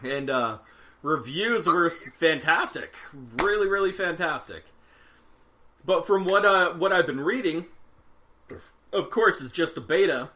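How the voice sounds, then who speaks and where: A man's voice: fairly high pitch, unhurried, pauses often. A man co-hosting a podcast, telling stories in casual chat and laughing often. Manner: laughs a lot, animated storytelling. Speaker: podcast co-host.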